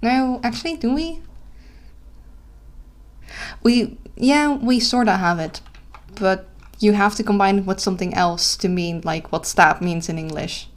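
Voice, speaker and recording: A woman's voice: mid-range voice, unhurried. A young Dutch woman with a Dutch accent, streaming live. She sounds tired, giggles often, and keeps correcting herself and apologizing as she chats casually. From Netherlands.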